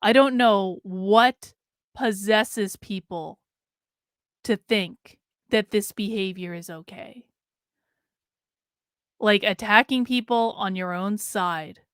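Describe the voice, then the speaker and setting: A woman gives casual reaction commentary to her viewers, blunt and exasperated. Her voice is bright and crisp, with a clean, polished tone. The sound is close and dry, with no room around it. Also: mid-range voice, takes it slowly, long pauses, dry recording. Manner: blunt, exasperated, lectures the audience directly.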